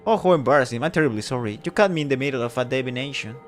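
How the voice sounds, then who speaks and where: A man voicing a flustered woman village mayor who sounds fretful, prim and high-strung. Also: lively intonation, racing, faint music behind, lightly acted.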